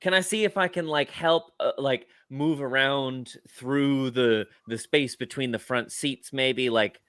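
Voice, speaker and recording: A man's voice: mid-range voice, unhurried, a bit bright, clear, resonant tone, no echo, clean studio sound. A man playing a tabletop game, talking hesitantly with many fillers. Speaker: player.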